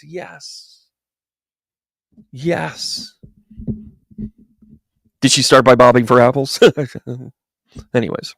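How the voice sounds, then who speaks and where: A man's voice: mid-range voice, creaky, dry recording, clean studio sound. A man who works as a medium, chatting through a tarot reading and acting out the voices in his stories. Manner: animated storyteller, acts out quoted voices. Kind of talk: livestream tarot reading and chat.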